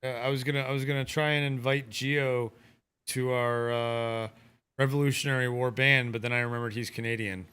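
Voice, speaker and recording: A man's voice: medium pitch, steady tone, moderate pace, sharp tone, clean tone. A man hosting a casual watch-party chat with friends, rambling and laughing often. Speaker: host.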